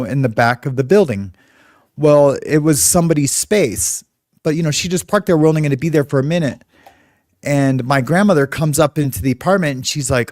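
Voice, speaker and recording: A man's voice: mid-range voice, darkish tone, no echo, studio quality. A middle-aged man from California, hosting and telling a story in a casual, rambling way. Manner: rambling, conversational, many fillers. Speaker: host.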